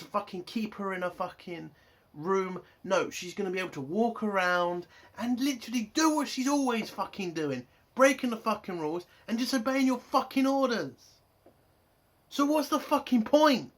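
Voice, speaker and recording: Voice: mid-range voice, a bit bright. A TV reviewer, ranting angrily and swearing constantly about a show. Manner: angry, profane, exasperated ranting.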